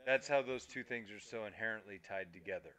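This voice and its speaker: Bright-voiced man explaining game tactics. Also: fairly low pitch, fairly quick. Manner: explanatory, emphatic, swears casually. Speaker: podcast co-host. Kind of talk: casual gaming podcast discussion. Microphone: streaming microphone.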